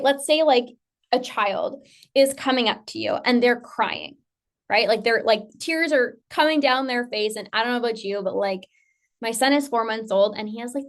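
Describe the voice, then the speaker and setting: A woman binge eating coach giving a casual, sassy motivational talk. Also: sits high. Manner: casual, sassy, upbeat, uses mild slang.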